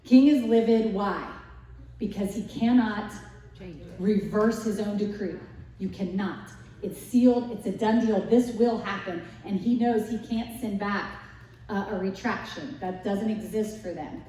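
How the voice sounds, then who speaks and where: A woman giving a casual Bible lesson, retelling the story in a lively way with rhetorical questions to her listeners. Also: medium pitch, measured pace, a little hiss or hum. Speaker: Bible study teacher. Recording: echoey room, distant mic.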